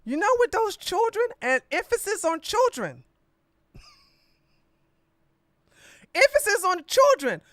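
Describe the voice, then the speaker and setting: A woman's voice: sits high, bright, forceful tone, dry recording, clean studio sound. Sassy, blunt woman podcast host. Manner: blunt, sassy and mocking, slangy, talks straight at the audience. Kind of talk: casual political commentary.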